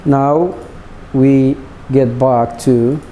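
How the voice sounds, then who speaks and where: Teacher with an Arabic accent, echoey room. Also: male voice, medium pitch, steady tone, extremely slow, warm tone, slight background noise. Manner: repeats himself, stumbles, adds Arabic glosses. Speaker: English teacher. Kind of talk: recorded classroom lesson.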